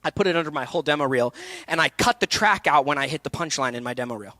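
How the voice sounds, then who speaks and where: A man in his thirties giving an energetic acting workshop talk, jumping into quick voices and asides as he goes. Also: a little high. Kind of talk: conference talk.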